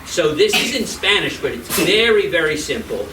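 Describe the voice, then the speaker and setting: Animated storyteller man for kids. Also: a little high, moderate pace, few pauses, over music. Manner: lively, animated, asks the audience questions. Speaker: storyteller and children's singer. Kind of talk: storytelling and singalong for children. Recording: echoey room, distant mic, noisy.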